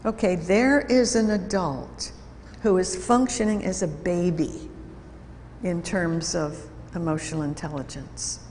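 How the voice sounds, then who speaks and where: A woman giving an instructive talk at a church, measured and deliberate, illustrating points with stories. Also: on the low side, a little mellow, long reverb tail, a little hiss or hum. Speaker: speaker at a church program. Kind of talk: lecture-style talk with anecdotes.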